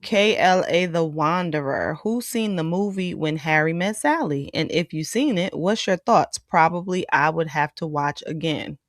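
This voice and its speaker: A woman's voice: low voice, animated, normal speed, hardly any pauses, no echo. Dry-voiced woman reading viewer chats. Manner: reads viewer super chats aloud and responds chattily. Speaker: co-host. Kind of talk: casual podcast chat, reading viewer comments.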